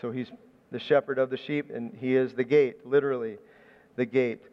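A man's voice: mid-range voice, fairly even intonation, moderate pace, big-room sound, highs cut off. A man preaching a sermon in a conversational, storytelling way, often restarting his phrases. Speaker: pastor.

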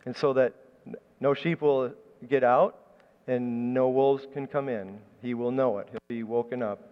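A man's voice: mid-range voice, fairly even intonation, unhurried, clean tone, muffled recording. Male pastor preaching in a reverberant hall. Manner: conversational storytelling with repeated restarts. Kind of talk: sermon.

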